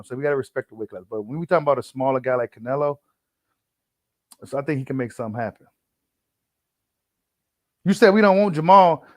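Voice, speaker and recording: The man hosting this laid-back boxing commentary has a medium-pitched voice. He uses plenty of slang and fillers, repeats himself, and reads an article aloud to his audience. The studio sound is clean, with no echo.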